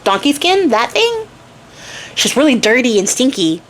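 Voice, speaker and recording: A woman's voice: on the high side, big pitch swings, unhurried, fairly bright tone, full character voice. Woman doing snide, gossipy palace servants.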